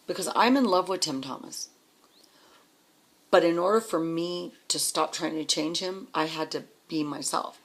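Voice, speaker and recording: Middle-aged woman, raspy edge, telling it straight with plenty of swearing. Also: on the low side, moderate pace. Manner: blunt, swears often, repeats words when emotional. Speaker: trucker's wife telling her story. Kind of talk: candid personal storytelling.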